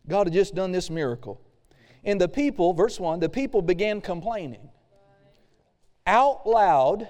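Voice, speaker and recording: A man's voice: high-pitched, dark tone, long reverb tail. A male pastor preaching a casual sermon, reading scripture aloud and acting out the quoted complaints.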